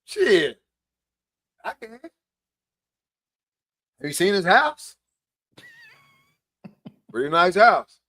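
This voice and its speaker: A man's voice: sits high, very animated, very slow, long pauses, pushed and bright. A man co-hosting a podcast, talking sports in a blunt, joking way. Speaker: podcast co-host. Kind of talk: casual sports talk.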